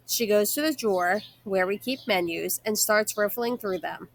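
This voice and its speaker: A woman reading a children's novel aloud in a steady narrating manner, with casual asides between chapters. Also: medium pitch, normal speed, gravelly, hardly any pauses.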